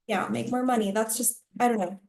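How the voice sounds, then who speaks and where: A woman who used to be a teacher, talking casually on a coaching call and telling rambling, animated stories full of fillers. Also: on the high side, brisk, gravelly. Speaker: coaching client, former teacher.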